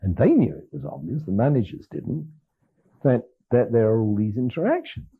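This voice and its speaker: Heard on lo-fi archival tape with a phone-like quality, an older man gives a lecture full of stories, acting out dialogue and often laughing. His mid-range, slightly rough voice swoops wildly in pitch at a moderate pace.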